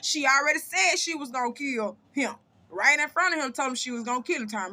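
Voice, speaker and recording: A commentary channel host talks casually about true crime, blunt and emphatic, repeating points to give them weight. She has a high voice and talks fast, sounding pushed and bright.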